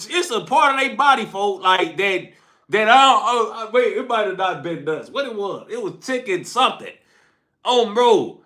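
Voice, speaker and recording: High-voiced man ranting casually. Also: pushed and bright. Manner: rambling, slangy, repeats "folk" and "bro". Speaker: streamer hosting a morning smoke session. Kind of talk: casual profane rant.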